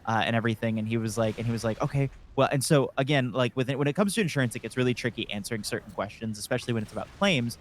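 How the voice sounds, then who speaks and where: A man's voice: mid-range voice, racing, few pauses, slight background noise. A man chatting casually on a gaming stream, telling a long work story full of swearing and fillers. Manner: rambling storyteller, swears a lot, many fillers.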